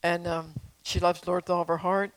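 A woman's voice: lowish voice, level tone, brisk, no room sound, poor audio. An older woman preaching in a folksy, emphatic way, repeating phrases and asking her listeners questions. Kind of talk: sermon with prophecy.

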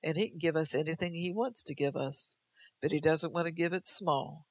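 A woman's voice: low voice, moderate pace. An older woman preaching at a church service, exhorting the congregation, speaking prophetic words in the first person and adding folksy teasing asides. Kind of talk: sermon.

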